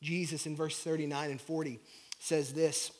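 A man with a high-pitched voice delivers a sermon from the pulpit. He stacks rhetorical questions in a rising rhythm, then sinks into soft, hushed passages. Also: level tone, moderate pace, breathy edge. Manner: rhetorical repeated questions, swinging from loud to hushed. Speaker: pastor.

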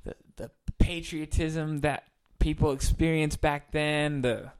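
A man's voice: on the high side, fairly even intonation, slow pace, clear, resonant tone. A man co-hosting a podcast in casual chat, easygoing and thinking aloud as he talks. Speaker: podcast co-host.

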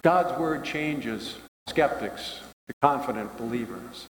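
A man's voice: medium pitch, slow pace. An older man preaching a sermon as pastor, folksy and conversational, recorded in a church sanctuary. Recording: echoey church hall.

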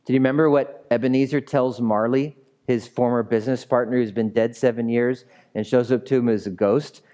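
A man's voice: medium pitch, fairly even intonation, fairly quick, mellow. A male pastor preaching a sermon in a conversational way, with playful asides and emphatic repetition.

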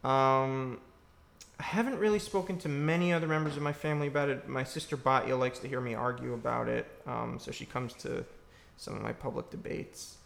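A man's voice: medium pitch, brisk, creaky, fairly bright tone, a little hiss or hum. A man, a filmmaker, answers audience questions after a screening in a church, reflective and searching for his words.

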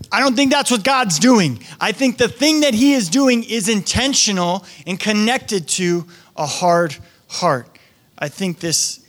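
A male pastor delivering a sermon in a chatty, informal way. His voice sits high for a man, and he keeps slipping into short imitations of the people he talks about. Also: fairly bright tone. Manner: conversational, acts out quoted voices.

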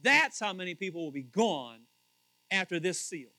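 A man preaching with a high, lively voice that leaps between near-whispered asides and loud calls. His tone is bright and forceful, and the sound is dry and close. He keeps putting pointed questions straight to his congregation. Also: normal speed, no echo. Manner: animated, swings from hushed asides to shouting. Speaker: pastor. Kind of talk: sermon.

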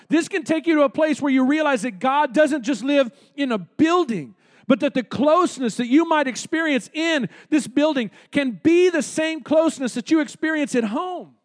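Male pastor, very high voice, casual joking sermon in a church. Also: lively intonation, moderate pace. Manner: conversational, joking preacher with asides. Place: church sanctuary.

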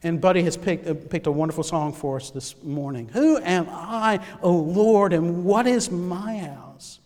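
Man preaching, high-pitched and expressive, dropping to hushes for effect; church sanctuary with long reverb. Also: a little slow. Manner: dramatic, swings from loud emphasis to near-whispers. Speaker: pastor. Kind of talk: sermon.

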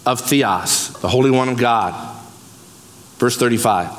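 Animated man preaching in a hall. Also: mid-range voice, normal speed. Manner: animated preaching, breaks scripture down word by word. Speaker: pastor. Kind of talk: sermon. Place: church sanctuary. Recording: long reverb of a church hall.

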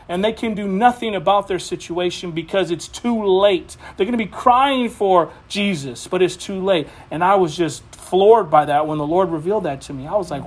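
A pastor preaching an impassioned sermon, often repeating phrases for emphasis. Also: male voice, sits high, moderate pace, hardly any pauses.

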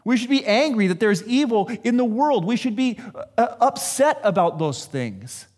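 A man's voice: extremely high pitch, very animated, normal speed, darkish tone. A man giving a sermon in a conversational, self-deprecating way, acting out what people say. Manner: conversational, self-deprecating preaching with acted-out quotes. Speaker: pastor.

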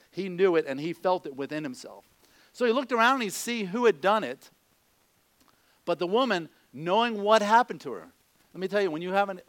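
A man preaching a sermon, animated, acting out the voices of doubters and disciples as he goes. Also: on the high side, dry recording. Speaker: pastor.

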